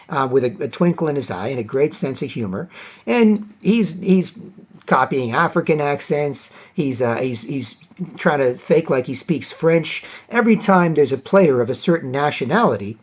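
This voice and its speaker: A man hosts his own opinionated solo commentary. His voice sits a little high, and he rambles along with many fillers and restarts. The audio is slightly dull and lo-fi. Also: slightly rough. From Toronto, Canada. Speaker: vlog host.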